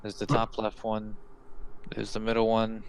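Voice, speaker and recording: A man voicing a gloomy, pudgy, bald male tavern keeper who answers in a morbid deadpan. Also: fairly low pitch, moderate pace, clean tone, natural voice, poor audio.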